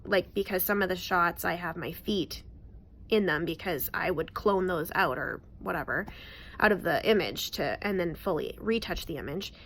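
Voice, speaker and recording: A woman's voice: fairly low pitch, normal speed, a bit bright, slight background noise. A woman in her thirties, a newborn photographer, telling a client story to the camera in a chatty, emphatic way. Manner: chatty, emphatic, repeats words for stress.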